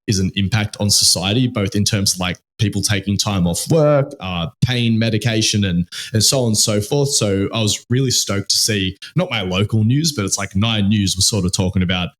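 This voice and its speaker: A man's voice: lowish voice, moderate pace, few pauses. An Australian man co-hosting a podcast in loose, casual chat, swearing freely and full of fillers and restarts. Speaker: podcast co-host.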